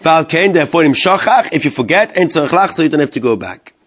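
Guy a high voice teaching halacha to a class, translating the hebrew as he goes, lots of questions to the room. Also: expressive, quick pace, a bit bright. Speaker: Torah teacher. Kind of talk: Talmudic-style halacha class.

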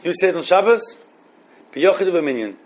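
A man with a high-pitched voice leads a class on religious law. He thinks aloud, repeats phrases and mixes in Hebrew terms as he answers questions from students. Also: sing-song, moderate pace. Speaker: rabbi teaching a class.

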